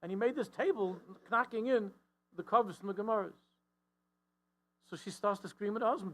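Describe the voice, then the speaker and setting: A man's voice: fairly quick, rough recording. A man giving a storytelling sermon, acting out the characters' lines with frequent restarts and repeated words. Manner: animated storyteller, voicing the characters' lines with rising pitch and force. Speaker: rabbi giving a talk.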